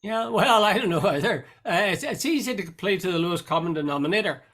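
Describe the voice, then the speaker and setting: A man hosting a casual conversation, speaking in a measured, reflective way. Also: high-pitched, lively intonation, fairly bright tone. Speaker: host. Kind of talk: casual chat.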